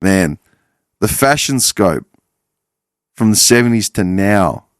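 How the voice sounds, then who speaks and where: A man in his forties rambles through a casual podcast monologue, swearing freely and correcting himself as he goes. His voice sits fairly low. It is recorded close and dry, with little room sound. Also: animated, slow pace, dry recording. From Australia. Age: 40s. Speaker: podcast host.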